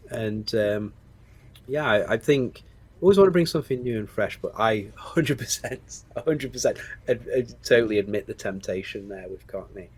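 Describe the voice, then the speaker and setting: This interview guest, an English screenwriter and producer in his forties, has a fairly low, darkish, husky voice at normal speed. His Stoke-on-Trent accent colors candid, reflective answers full of hesitation and restarts.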